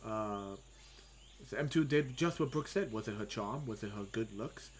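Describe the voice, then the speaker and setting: A man's voice: fairly low pitch, normal speed, slight background noise. Easygoing man thinking aloud while drawing. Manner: thinks aloud while drawing, with frequent ums and self-talk. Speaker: comic artist streaming his drawing. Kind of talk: casual livestream commentary.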